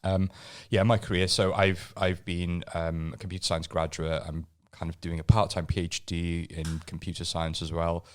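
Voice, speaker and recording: A man in his forties speaks with a very deep, low voice. He tells stories and talks through his career in a loose, relaxed way, often restarting his sentences as a podcast guest. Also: normal speed, few pauses. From Wales. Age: 40s. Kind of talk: casual podcast interview.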